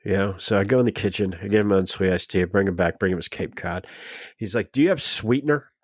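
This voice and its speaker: Low-voiced man telling a workplace story. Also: quick pace, no echo, clean studio sound. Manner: animated storyteller, acts out quoted dialogue. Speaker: podcast guest. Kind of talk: casual storytelling.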